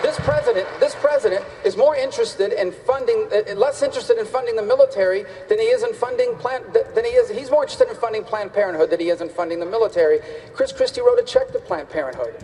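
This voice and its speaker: A man's voice: high-pitched, fast, mellow, slight background noise. A man running for president, giving emphatic, repetitive debate answers on a stage. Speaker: presidential candidate. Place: large debate hall on stage. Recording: reverberant debate hall.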